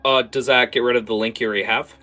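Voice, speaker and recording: Bright-voiced game master, animated. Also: male voice, medium pitch, racing, faint music behind. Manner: animated, lots of filler words. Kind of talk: narrating a tabletop game.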